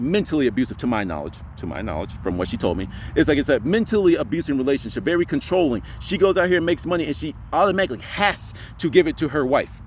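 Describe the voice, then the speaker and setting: A man's voice: a little high, slight background noise. A young man telling a personal story in a casual vlog, rambling with lots of fillers. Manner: rambling, heavy on fillers like "you know". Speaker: spiritual vlogger.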